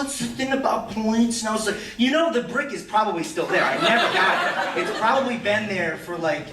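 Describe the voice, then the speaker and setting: A teenage boy doing stand-up, rambling and self-deprecating, stumbling over restarts and jumping into high squeaky voices when he quotes people. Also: very noisy. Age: teens. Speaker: student stand-up comic. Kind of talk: stand-up storytelling. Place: school auditorium stage. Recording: echoey hall, from far off. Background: audience laughter.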